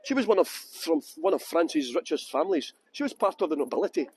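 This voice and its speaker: Here the tour guide, an Englishman with a Scottish accent, chats and jokes with his live-stream viewers through a handheld phone as he walks the castle grounds. His voice is on the high side, expressive and fairly quick. Poor audio brings a little hiss or hum.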